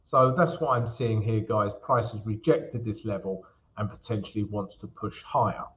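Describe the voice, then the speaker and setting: A man's voice: on the low side, moderate pace, a bit bright, muffled recording. A man from England hosting a live stream, chatting casually with viewers and calling them guys and mate. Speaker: host. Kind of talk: live trading stream chat.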